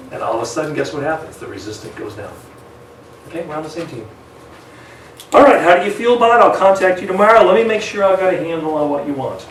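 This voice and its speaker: Talking quickly in a slightly high voice with big pitch swings, this man runs an energetic live sales seminar. He role-plays phone calls with clients and shifts his pace on purpose, heard from a distant mic in an echoey room with background noise.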